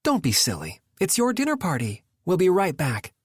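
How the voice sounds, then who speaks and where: A male narrator voicing a bold young woman who speaks in a hushed, conspiratorial way. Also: high-pitched, huge pitch swings, normal speed, breathy edge, no echo, clean studio sound, voice pushed up, full character voice. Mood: breezy.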